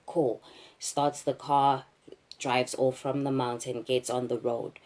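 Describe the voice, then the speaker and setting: A young South African woman telling a personal story to camera, candid and halting, with frequent fillers. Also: very deep voice, little pitch movement, darkish tone.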